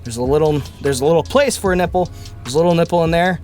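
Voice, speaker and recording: A man's voice: a little high, quick pace, darkish tone, soft background music. Chatty man explaining a truck install. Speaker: DIY car vlogger. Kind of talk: casual how-to vlog. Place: garage or driveway by a truck. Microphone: action camera mic.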